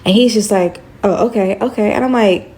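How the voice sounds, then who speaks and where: A young woman telling a casual storytime story in slangy speech, acting out the dialogue with sudden jumps up in pitch. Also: brisk, a little mellow.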